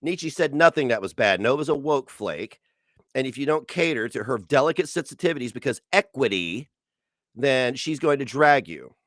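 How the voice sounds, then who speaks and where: A man's voice: mid-range voice, expressive, moderate pace, fairly bright tone, dry recording, clean studio sound. A man streaming from home, ranting angrily and sarcastically with heavy profanity while reacting to posts on screen. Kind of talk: angry commentary rant.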